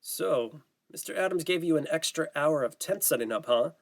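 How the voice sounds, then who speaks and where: A man's voice: on the high side, expressive, normal speed, pitched above the performer's own voice. Man voicing a blunt, scoffing teen camper. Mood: teasing.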